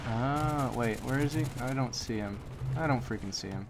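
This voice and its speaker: A young man commentates his own shooter match live, muttering low and then shouting whenever enemies camp or catch him off guard. His voice sits in a plain middle register, and the game's gunfire and explosions run loudly underneath it. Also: normal speed, vocal fry, noisy background. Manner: excitable, frustrated outbursts and yelling at campers. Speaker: gameplay commentator. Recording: game gunfire behind voice. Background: loud shooter game sounds, gunfire.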